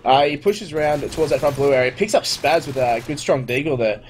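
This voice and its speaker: A man doing live play-by-play commentary on a competitive shooter match, brisk and light-hearted, amused by blunders. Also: a little high, slight background noise, poor audio. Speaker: esports shoutcaster.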